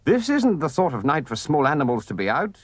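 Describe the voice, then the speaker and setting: A man voicing a gruff, fatherly old male badger in a storybook recording. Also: on the high side, huge pitch swings, normal speed, dry recording, pitched above the performer's own voice. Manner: gruff, suspicious then kindly.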